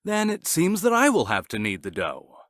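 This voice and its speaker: A patient, hardworking storybook cockerel calls out eagerly and loudly, as a man puts him on. The voice is pushed up high and leaps all over its range. The recording is dry. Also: huge pitch swings, moderate pace, no echo. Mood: calling, eager.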